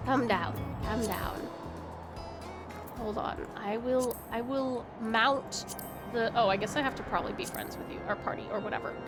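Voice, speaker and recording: A woman's voice: on the high side, moderate pace. An Australian woman streaming casually, bubbly and chatty, greeting viewers with sweet nicknames. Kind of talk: casual live-stream chat. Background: faint game music.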